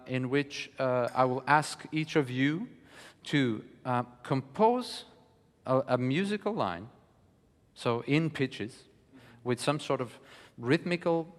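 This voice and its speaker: A man giving a lecture on music, speaking in a measured, thoughtful way with frequent pauses. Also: medium pitch, fairly bright tone. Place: studio hall. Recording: long reverb of a studio hall.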